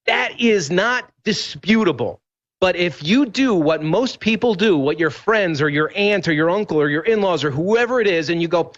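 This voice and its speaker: A man talking in an animated talk show conversation, telling stories emphatically and rambling with restarts. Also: high voice, moderate pace, muffled recording. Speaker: radio host guest.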